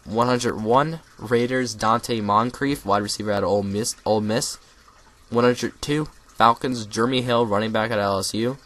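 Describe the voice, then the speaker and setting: A young man reading out a list of draft picks in casual solo commentary, correcting himself and adding quick asides while he is losing his voice. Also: fairly low pitch, fairly even intonation, a bit bright. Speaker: mock draft creator.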